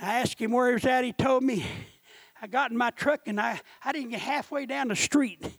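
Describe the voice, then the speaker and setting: A man preaching with a very high, piercing voice, caught in a dry, close recording with no room sound. He moves from quiet storytelling to impassioned shouting as he drives home his point. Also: moderate pace, no room sound. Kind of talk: sermon.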